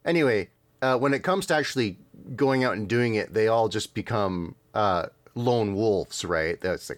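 A man's voice: fairly low pitch, animated, moderate pace, hardly any pauses, no room sound. A man hosting a casual podcast, chatting about cartoons in a rambling way with fillers and laughs. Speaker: podcast host.

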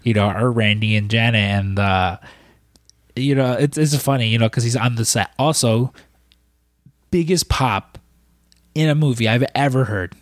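Podcast co-host, man, mid-pitched, loose rambling recap delivery, dry recording. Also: normal speed, pauses often, dry recording. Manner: rambling, many fillers and restarts. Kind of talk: casual movie recap chat.

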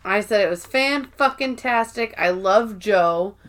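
A woman's voice: medium pitch, fairly quick, a bit bright. A woman co-hosting a podcast, reacting playfully and swearing in casual chat about episodes. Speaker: podcast co-host.

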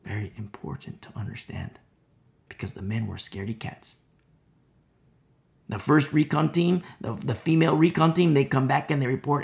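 A man's voice: a little high, moderate pace, creaky. A man preaching a conversational sermon, full of fillers and acted-out quotes, at times dropping to a whisper. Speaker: pastor.

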